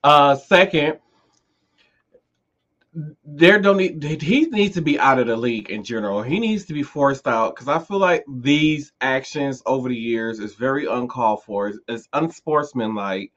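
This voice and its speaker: A man's voice: medium pitch, lively intonation, unhurried, a bit bright. A man hosting a casual podcast chat, speaking bluntly and emphatically with frequent restarts. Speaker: podcast host. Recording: dull lo-fi sound.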